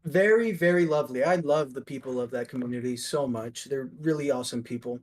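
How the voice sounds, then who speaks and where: A man's voice: medium pitch, a little fast. A young man, a guest artist, chatting casually in a rambling, upbeat way with lots of fillers. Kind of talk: casual chat.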